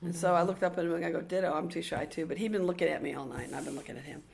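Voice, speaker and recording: Older woman guest, low gravelly voice, excitable storyteller who acts out quoted lines. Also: very fast, slight background noise. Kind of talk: casual storytelling interview.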